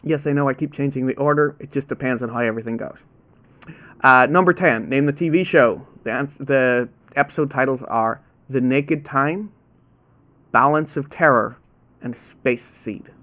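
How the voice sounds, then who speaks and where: Hosting a live online trivia quiz from his home webcam, this quizmaster is casual and pokes fun at himself. He reads each question again slowly and stumbles over "ow" sounds. His voice sits mid-range with a slightly bright quality.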